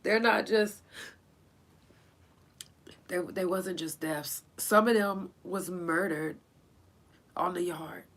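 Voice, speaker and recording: A woman hosting a solo podcast, speaking in a halting, tearful way and pausing often to collect herself, with speech. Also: lowish voice, fairly bright tone. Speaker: podcast host. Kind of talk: emotional solo podcast remembrance.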